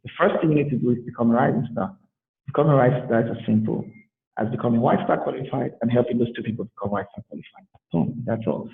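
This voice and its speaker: A man giving an energetic motivational sales talk, repetitive and punchy. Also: mid-range voice, fast, creaky, echoey room. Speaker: business presenter. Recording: tinny phone-like sound.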